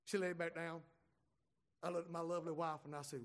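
A man's voice: sits high, very fast. A middle-aged man tells a humorous story to an audience in a folksy, chatty way, often restarting his sentences. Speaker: speaker.

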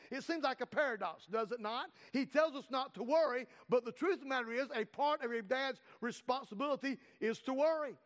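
A man preaching a sermon to a congregation, earnest, with many fillers and restarts, slowing down to read scripture. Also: very high voice, fairly bright tone, long reverb tail. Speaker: pastor.

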